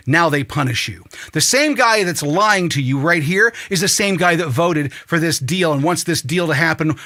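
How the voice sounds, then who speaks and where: A talk host rants with swearing and sudden shouts. His voice sits high and swings widely in pitch. It has a bright, forceful edge. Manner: ranting, swearing, rising to shouts. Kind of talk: angry political monologue.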